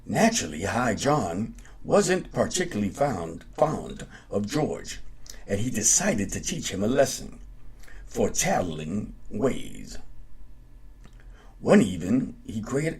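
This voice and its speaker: Husky-voiced man reading a folktale. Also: lowish voice, sing-song, slow pace, darkish tone. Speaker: podcast host and storyteller.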